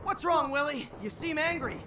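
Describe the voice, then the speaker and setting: A man's voice: very high voice, moderate pace, a loud crowd. An actor playing a cocky young male superhero who trades sarcastic quips with a villain in a video game. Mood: mocking. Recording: game audio with music behind.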